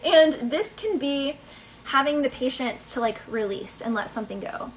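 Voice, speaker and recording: A woman's voice: high voice, moderate pace, a little hiss or hum, low-quality recording. A woman giving a casual tarot reading in a chatty, playful way, laughing between thoughts. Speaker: tarot reader.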